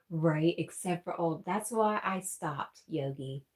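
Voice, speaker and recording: A woman hosting a casual livestream, reading out viewer comments and laughing often. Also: on the low side. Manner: giggly, reads out chat messages. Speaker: livestream host.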